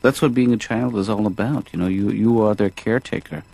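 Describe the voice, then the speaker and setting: A gravelly, hesitant cartoon therapist dad. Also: male voice, lowish voice, a little fast, no echo, low-quality recording. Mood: calm. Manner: soft-spoken, hesitant, trailing off. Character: mild-mannered middle-aged male therapist father. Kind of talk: dry animated sitcom dialogue.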